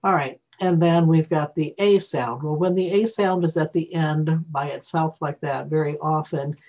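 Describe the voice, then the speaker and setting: A reading teacher walking through phonics rules during a screen-recorded software tutorial, thinking aloud and correcting themself along the way. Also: medium pitch, fairly even intonation, moderate pace. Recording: dull lo-fi recording.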